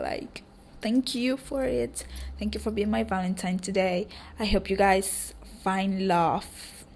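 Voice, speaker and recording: Hoarse young woman, creaky rambling podcaster. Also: fairly high pitch. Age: young adult. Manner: rambling, warm affirmations, frequent ums. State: hoarse, voice cracking. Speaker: podcast host. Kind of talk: casual solo podcast chat.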